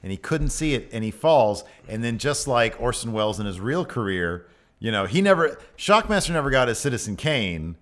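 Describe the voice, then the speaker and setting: A man co-hosting a casual wrestling podcast, joking in quick back-and-forth. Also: medium pitch, very animated, a bit bright. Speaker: podcast co-host.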